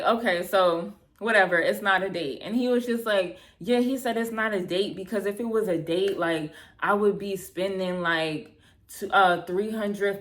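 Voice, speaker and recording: Exasperated woman telling a dating story. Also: fairly low pitch. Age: 30s. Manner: animated, exasperated, acts out both sides of dialogue; heavy filler "like", casual swearing. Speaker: vlogger. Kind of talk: storytime vlog, casual retelling.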